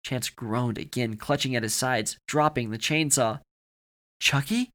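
A man's voice: medium pitch, normal speed, fairly bright tone. A man narrating a horror story for a podcast with dramatic, varied delivery.

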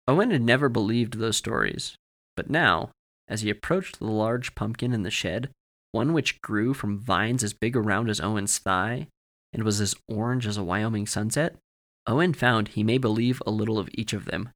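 A man narrating a scripted horror story for a podcast in a measured, steady way. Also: fairly low pitch.

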